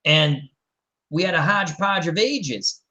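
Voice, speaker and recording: Rambling animated male storyteller. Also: fairly high pitch, a little slow, rough recording. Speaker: show host. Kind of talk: casual storytelling chat.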